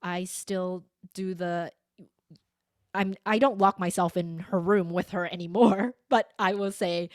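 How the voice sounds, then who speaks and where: Animated woman telling a story. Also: fairly low pitch, unhurried, dry recording, studio quality. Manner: animated, acts out quoted lines. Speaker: podcast guest, voice coach. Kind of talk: conversational storytelling.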